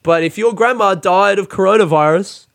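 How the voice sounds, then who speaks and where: A young man hosting a podcast, telling a story in a casual, profane, animated way and laughing as he goes. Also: high-pitched, moderate pace, vocal fry. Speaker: podcast host. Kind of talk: casual monologue.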